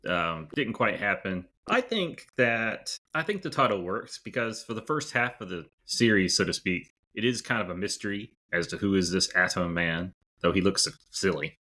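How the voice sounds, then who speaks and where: A man's voice: low-pitched, animated, normal speed, hardly any pauses, sharp tone. A man co-hosting a podcast, casually telling an easygoing story and chatting about old films. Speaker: podcast co-host. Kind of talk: casual chat.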